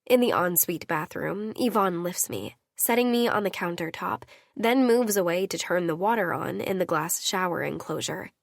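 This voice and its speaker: A woman's voice: fairly low pitch, lively intonation, moderate pace, gravelly, dry recording, studio quality. A woman narrating a romance audiobook in an intimate first-person reading.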